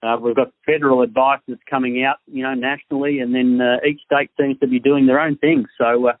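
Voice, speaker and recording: Australian male guest, relaxed casual chat, tinny dry line. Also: mid-range voice, fairly quick, dry recording.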